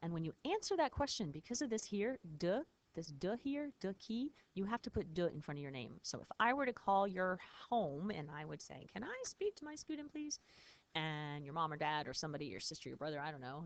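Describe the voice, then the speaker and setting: A woman teacher patiently explaining French phrases in a recorded lesson, spelling words out. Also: deep voice.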